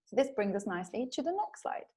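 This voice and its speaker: A woman's voice: on the high side, big pitch swings, fast, mellow. A woman presenting a webinar on emotions at work, talking it through conversationally with frequent fillers. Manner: acts out people's reactions in quoted voices. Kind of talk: explanatory webinar talk.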